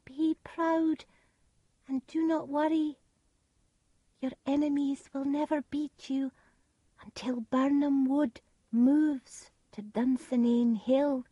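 A woman voicing a small crowned ghost child with a high, soothing, prophetic voice, in a storybook reading. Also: fairly even intonation, takes it slowly, warm tone, no room sound, dull audio.

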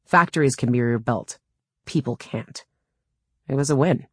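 A woman's voice: very deep voice, normal speed, a bit bright, husky, dry recording. A woman reading a first-person audiobook in a wry, dry storytelling manner, close to a studio mic. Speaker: audiobook narrator.

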